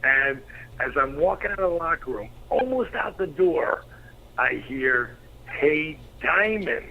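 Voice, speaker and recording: Gravelly middle-aged man telling stories. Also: medium pitch, unhurried. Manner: profane, animated storyteller acting out quotes. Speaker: guest, former pro wrestler. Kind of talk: anecdotal interview storytelling. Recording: slightly dull lo-fi recording.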